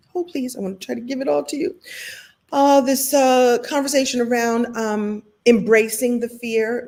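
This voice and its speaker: A woman giving a lively motivational talk on a live stream, jumping from high playful bits to low asides, laughing often and acting out little scenes. She talks to the viewers as a coach and keeps the energy up. The voice sits in an ordinary middle pitch.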